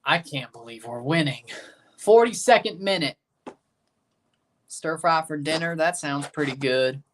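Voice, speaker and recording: A man's voice: on the high side, expressive, measured pace. A man hosting a livestream watchalong, chatting casually, reading viewers' comments aloud and reacting to a soccer match with sarcastic asides.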